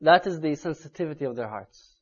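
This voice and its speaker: A man delivering an Islamic sermon in an earnest tone that builds to loud, urgent emphasis. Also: fairly high pitch, animated, brisk, muffled recording. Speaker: Islamic preacher.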